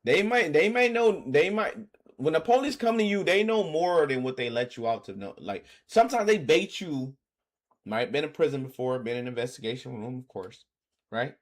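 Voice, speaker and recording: A man's voice: fairly high pitch, moderate pace. A man reacting to news clips in casual streaming commentary, laughing as he goes. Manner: animated, laughing, trailing off quietly.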